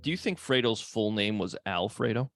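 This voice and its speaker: A man from Long Island co-hosting a podcast, chatting casually and telling animated stories with loud shouted impressions. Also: lowish voice, normal speed, faint music behind. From Long Island, New York. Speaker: podcast co-host. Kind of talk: casual chat about a film.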